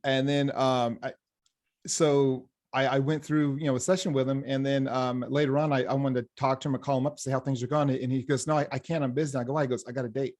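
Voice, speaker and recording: A man, a hypnotherapist, chatting in an interview and telling lively stories about his clients, acting out the dialogue and often restarting his sentences. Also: medium pitch, brisk. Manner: animated storyteller, acts out quoted dialogue, frequent restarts. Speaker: hypnotherapist, program graduate.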